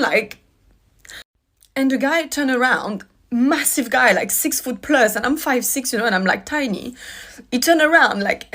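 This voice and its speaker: Animated woman telling a storytime vlog. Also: fairly high pitch. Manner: animated, retelling a street confrontation with rising indignation.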